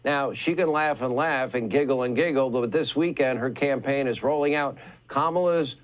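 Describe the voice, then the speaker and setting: A man delivering scripted political commentary in an emphatic, driving way, leaning on repetition to push his points. His voice sits at a middle pitch. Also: moderate pace. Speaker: commentary host.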